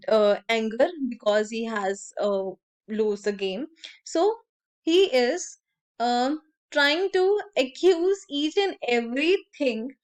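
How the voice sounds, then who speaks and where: A woman teaching a literature lesson, reading quoted lines from a story and then paraphrasing and explaining them with many pauses and fillers. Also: on the high side, clean tone.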